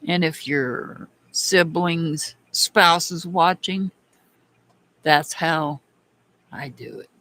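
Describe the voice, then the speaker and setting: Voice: medium pitch, drawn-out words, sharp tone. A tarot reader giving a casual live-stream reading, chatty and calling out viewers by name.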